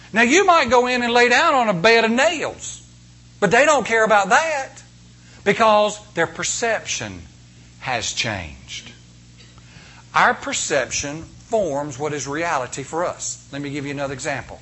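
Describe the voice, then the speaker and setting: A man preaching a sermon to a congregation, telling a story with animated, emphatic delivery that swells to loud peaks. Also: high voice, moderate pace, husky.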